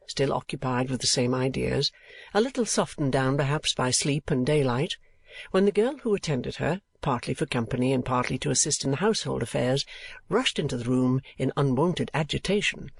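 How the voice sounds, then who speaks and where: A man reading a classic novel aloud as an audiobook narrator, in a measured, expressive way. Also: medium pitch, vocal fry, breathy edge, dry recording.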